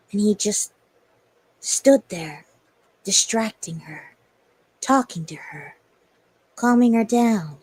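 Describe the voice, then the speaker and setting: A woman's voice: medium pitch, expressive, slow, pauses often, a little mellow, slightly rough, no echo. A young woman telling a story on a livestream in a rambling, hesitant way with many fillers. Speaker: streamer.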